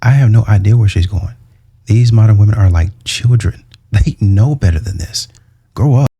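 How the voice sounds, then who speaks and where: A man's voice: on the low side, normal speed, vocal fry, mellow, breathy edge. A man hosting a reaction channel, giving blunt, lecturing commentary on clips.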